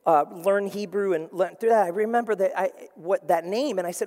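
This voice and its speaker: Animated preaching man in a reverberant hall. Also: sits high, a little fast, few pauses. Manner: animated, acts out voices, playful asides. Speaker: pastor. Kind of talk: sermon. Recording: long reverb of a large hall.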